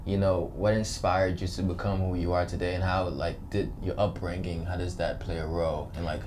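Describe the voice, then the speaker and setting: A man hosts an interview show with a very deep, low voice. He is chatty and friendly, full of fillers and easy compliments for his guest. A faint noise floor hums beneath the conversation. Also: flat delivery, a little fast, a little mellow. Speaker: show host. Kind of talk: casual interview hosting.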